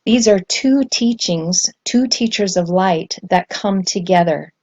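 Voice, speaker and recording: A woman giving a spontaneous scripture lesson, earnest and excited, with frequent ums and self-corrections. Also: fairly low pitch, takes it slowly. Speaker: spiritual teacher. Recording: dull lo-fi sound.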